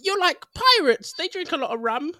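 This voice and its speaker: A man's voice: extremely high pitch, sing-song, normal speed, pushed and bright, pitched above the performer's own voice, full character voice. A man putting on a mocking voice of a posh European tourist on holiday. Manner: mocking, exaggerated.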